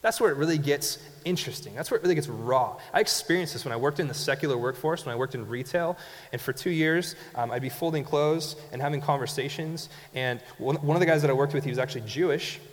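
A man's voice: fairly high pitch, fast. A conversational male pastor in a reverberant hall. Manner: conversational storytelling, rhetorical questions. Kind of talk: sermon.

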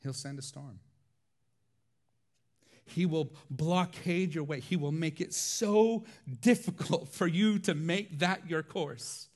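A man preaching a sermon, telling stories in a lively, laughing way. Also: on the high side, slow. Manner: animated storytelling with frequent laughs. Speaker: pastor.

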